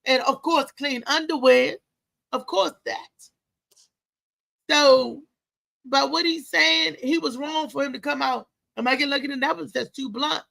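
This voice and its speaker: Lady hosting her show, high voice with lots of gravel, chatty n preachy. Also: unhurried, bright, forceful tone. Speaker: host. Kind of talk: casual live show talk.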